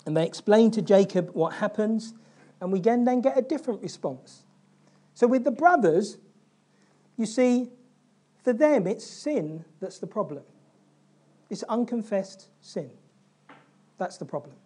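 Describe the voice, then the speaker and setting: A man preaching to his congregation in a warm, mellow voice. He tells the story with energy, slipping into the characters' lines and putting questions to the room. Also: high-pitched, unhurried, long pauses. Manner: animated storytelling, acting out biblical figures' lines. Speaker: pastor. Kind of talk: sermon.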